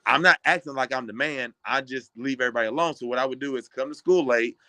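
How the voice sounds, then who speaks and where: A man in his thirties from Kentucky tells stories from his playing days in a bright, forceful voice. He acts out the people in them as he goes. The sound is close and dry, like a podcast studio. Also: mid-range voice, fast, no room sound. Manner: animated, acts out other people's lines. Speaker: former college basketball player, guest. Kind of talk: casual storytelling.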